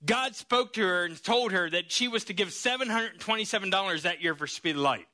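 A man preaching a sermon, telling a story in an animated, lively way. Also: sits high, brisk.

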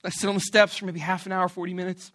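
A man preaching a sermon who tells a story about himself in an animated, playful and self-mocking way. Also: high voice, fast talker, no room sound. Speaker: pastor.

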